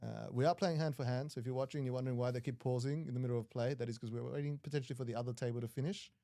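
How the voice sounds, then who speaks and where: A man's voice: medium pitch, fairly even intonation, rapid-fire, warm tone, no room sound, clean studio sound. An Australian man commentating live poker with casual, self-deprecating jokes.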